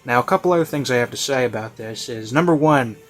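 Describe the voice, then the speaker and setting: A man's voice: mid-range voice, fast, soft background music. A man giving casual, rambling commentary on a video he is reviewing, full of "you know" and "like" and offhand self-mockery.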